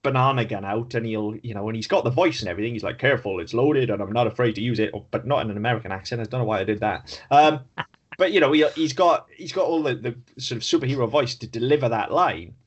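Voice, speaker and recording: A husky-voiced man chats frankly as a podcast co-host. He talks in an animated, candid way and drops swear words casually. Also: mid-range voice, fast, muffled recording. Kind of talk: casual chat.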